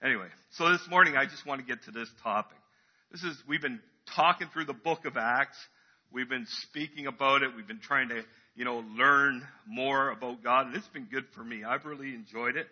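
Husky man preaching casually in church. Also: medium pitch, moderate pace, muffled recording. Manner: casual, chatty preaching with fillers and acted-out crowd voices. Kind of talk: sermon.

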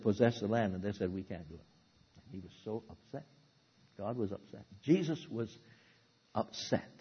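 A man preaching a sermon, who swings from loud, dramatic outbursts to low, hushed asides. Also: breathy edge, muffled recording.

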